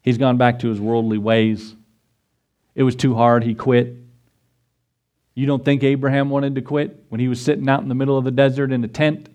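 A middle-aged pastor giving a sermon, climbing to a high, urgent pitch as he presses his points and briefly acts out the voices of biblical figures. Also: level tone, moderate pace, a little mellow, highs cut off.

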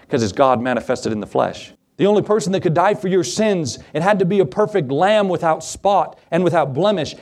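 A man preaching a sermon to his congregation, animated, acting out Bible scenes in quoted voices. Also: high-pitched. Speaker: pastor.

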